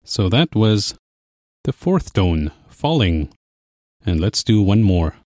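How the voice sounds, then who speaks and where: A man teaching a language lesson, explaining clearly and patiently. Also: lowish voice, big pitch swings, slow pace, a little mellow, dry recording, studio quality. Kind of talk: scripted lesson narration.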